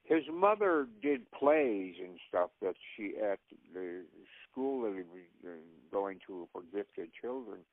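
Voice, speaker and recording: Over a tinny phone line, an older actor guest rambles through casual anecdotes with frequent laughter. His lowish voice is very animated, measured in pace, with vocal fry and few pauses, and the recording itself is dry.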